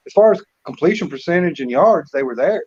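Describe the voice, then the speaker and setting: A man co-hosting a casual sports picks chat, relaxed and repeating words as he thinks. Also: a little high, brisk, husky. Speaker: co-host. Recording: slightly dull lo-fi audio.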